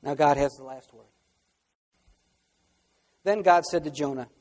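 High-voiced preacher in an echoing hall. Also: male voice, big pitch swings, moderate pace, long pauses. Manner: preaching with sudden loud outbursts. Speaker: pastor. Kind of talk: sermon.

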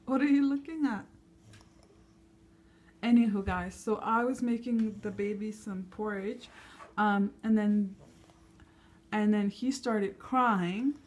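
A woman's voice: mid-range voice, takes it slowly, long pauses. A young woman, a mother, talking casually to camera at home and soothing her toddler. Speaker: mother vlogging her kids. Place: home, indoors. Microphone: handheld camera.

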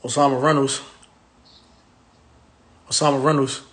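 A man's voice: medium pitch, level tone, measured pace, fairly bright tone. A man hosting a casual phone livestream, talking in a brash, profane and rambling way. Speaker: livestream host, rental car business owner.

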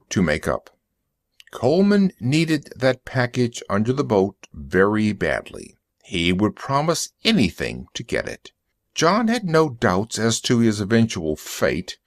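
A male narrator reading a story slowly and deliberately for English learners. His pitch moves expressively, and the recording is dry and close with no room sound. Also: sing-song, dry recording.

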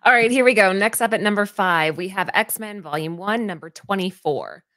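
A woman's voice: medium pitch, animated, moderate pace, bright, forceful tone, no room sound, studio quality. A woman co-hosting a comic-book podcast, reading a prepared segment from notes and tripping over names. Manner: reads steadily from notes, stumbles on names. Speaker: podcast co-host.

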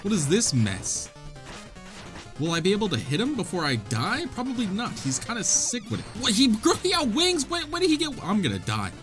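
A young man giving casual, excitable gameplay commentary, swearing and trash-talking the enemies. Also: high voice, moderate pace, over music. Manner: excitable, profane, jokey trash talk. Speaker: gaming video host.

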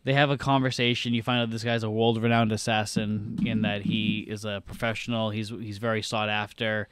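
A man's voice: on the low side, flat delivery, fairly quick, fairly bright tone, faint music behind. A man co-hosting a podcast, casually and animatedly retelling movie scenes and acting them out. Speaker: podcast co-host, film superfan. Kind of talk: casual film chat.

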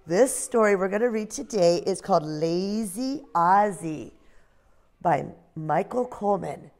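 A woman teacher leading a phonics lesson with young children and reading them a story in a slow, sing-song way. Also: mid-range voice, animated, darkish tone. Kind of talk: phonics lesson and read-aloud.

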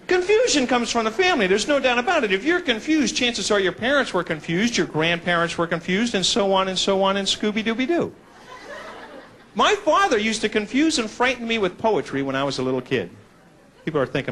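Animated, self-mocking stand-up comedian man. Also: sits high, quick pace. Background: audience laughter.

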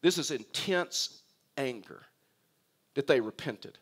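A man in middle age, a pastor, preaching a sermon with wry humor and lively storytelling, talking to Jonah as if he were there. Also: medium pitch, takes it slowly, breathy edge. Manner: animated, voices imagined dialogue with Jonah.

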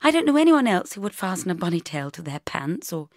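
A woman's voice: lowish voice, very animated, fast talker, darkish tone, dry recording, studio quality. A woman reading an audiobook, voicing an awkward, reserved grown man who speaks in a hesitant, clipped and slightly cross way. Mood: earnest.

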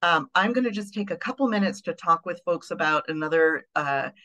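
A woman on staff at an advocacy group, giving an earnest, conversational update at a membership meeting with frequent pauses and ums. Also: lowish voice, lively intonation, bright, forceful tone, rough recording.

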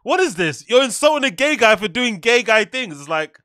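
A man's voice: very high-pitched, big pitch swings, fairly quick, pushed and bright, dry recording, clean studio sound. Incredulous, mocking podcast host man. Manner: incredulous, mocking, laughs often. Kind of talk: commentary reacting to clips.

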